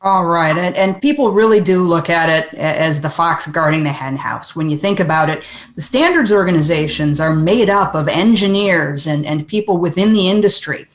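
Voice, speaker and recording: A woman's voice: lowish voice, moderate pace. Woman panelist in a roomy echo. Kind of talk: casual panel discussion.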